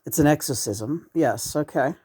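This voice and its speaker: A woman's voice: sits low, moderate pace, warm tone, breathy edge. A woman host and spirit channeler in casual chat, giggly and playful.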